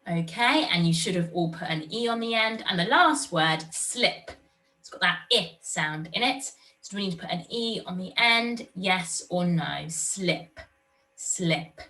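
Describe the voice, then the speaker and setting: A woman teaching young children in a recorded online lesson, sounding out words clearly and slowly. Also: fairly low pitch, animated, sharp tone, far from the mic. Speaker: primary school teacher.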